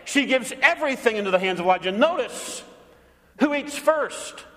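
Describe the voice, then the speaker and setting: A man's voice: extremely high pitch, animated, normal speed, pushed and bright, long reverb tail. A man preaching a sermon as pastor, dramatic, with rhetorical questions and acted-out voices.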